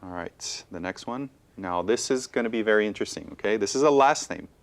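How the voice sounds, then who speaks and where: A woman co-hosting a televised Spanish lesson, pronouncing words slowly and deliberately between English explanations. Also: very deep voice, lively intonation. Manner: slow deliberate pronunciation, code-switching. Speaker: Spanish teacher.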